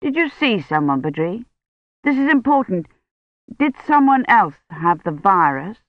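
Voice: medium pitch, big pitch swings, unhurried, dry recording. Reader doing a worried older guy, anxious questions, dull dry audiobook sound.

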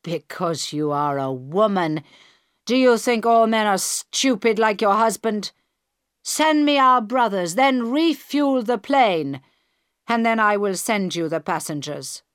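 A woman's voice: mid-range voice, lively intonation, takes it slowly, clean tone, dry recording, clean studio sound, voice pushed up. A woman reading a cold, menacing male hijacker.

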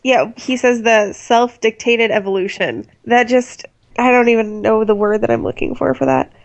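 A woman hosting a podcast in casual chat, animated and opinionated, quick to launch into a rant. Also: a little high, dull audio. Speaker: podcast host. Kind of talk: casual chat, TV episode discussion.

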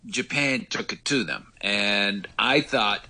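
A slightly hoarse man from Ireland, chatting as a radio correspondent, rambling with many fillers and restarts. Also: on the low side, takes it slowly, pushed and bright. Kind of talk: casual radio phone interview.

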